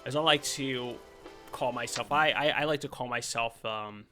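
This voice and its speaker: A man's voice: mid-range voice, normal speed, faint music behind. A man giving casual, rambling gameplay commentary, full of fillers. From United States. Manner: rambling, relaxed, lots of fillers. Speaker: gaming channel host.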